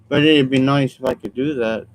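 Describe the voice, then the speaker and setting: A mid-range male voice comes through a rough recording with slight background noise. The vlogger talks alone to his viewers in an earnest, rambling way, repeating himself, apologizing, and drifting off with ums.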